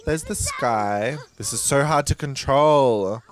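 A man's voice: mid-range voice, takes it slowly. A young man, a drag queen, chatting casually and swearing freely while playing a life-sim game. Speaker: drag queen let's play host. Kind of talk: casual gameplay commentary.

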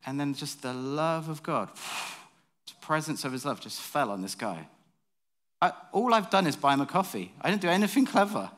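A man's voice: fairly high pitch, sing-song, moderate pace, a bit bright. A man, preaching in a church and telling a story in a chatty, self-mocking way. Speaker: pastor. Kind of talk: sermon storytelling.

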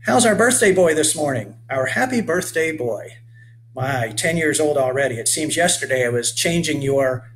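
A man's voice: fairly high pitch, animated, moderate pace, slight background noise, lightly acted, rough recording. A man voicing a doting, chatty aunt in a children's storybook reading. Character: fussing middle-aged aunt from the North.

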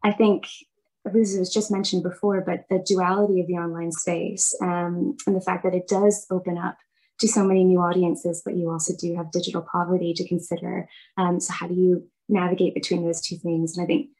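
A woman on a video call reports her group's discussion with a measured, thoughtful delivery. Her voice sits fairly low and is husky, with a flat, even melody. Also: poor audio. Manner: measured, thoughtful, with some fillers. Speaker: webinar participant reporting back. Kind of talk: casual spoken group report.

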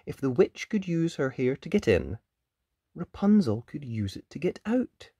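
A storyteller reading a children's picture book aloud, expressive, with whispered sound effects. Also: mid-range voice, a little slow, slightly rough, dry recording, studio quality.

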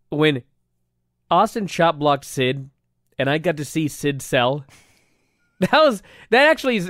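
A man co-hosting a podcast in casual chat, animated and swearing freely, shouting when he quotes someone. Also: fairly high pitch, no room sound, studio quality. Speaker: podcast co-host.

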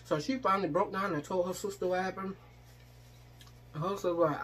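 A woman's voice: lowish voice, fairly even intonation, a little fast, long pauses, slight background noise. Chatty woman telling a story while eating. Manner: chatty, acts out quoted voices, eating while talking. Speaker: vlogger. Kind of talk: casual storytelling mukbang.

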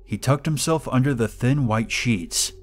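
A man narrating a horror story in a measured, deliberate way. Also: medium pitch, faint music behind.

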